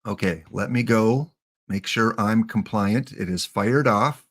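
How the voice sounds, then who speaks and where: Unhurried man streaming a game. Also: lowish voice, a bit bright. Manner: muttering to himself and talking to the players on screen. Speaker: live streamer. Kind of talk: live-streamed gameplay commentary.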